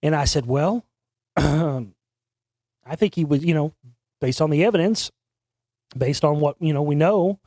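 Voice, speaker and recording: A man's voice: fairly high pitch, measured pace, long pauses, warm tone, no room sound, studio quality. A man hosting an internet talk show, telling a long story in a rambling, casual way with frequent restarts and casual swearing. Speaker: podcast host.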